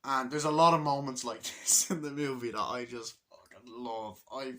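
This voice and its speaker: A man's voice: mid-range voice, fairly even intonation, normal speed, background noise. A man casually reviewing a film, retelling scenes with profane enthusiasm. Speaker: movie reviewer. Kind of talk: casual movie review vlog.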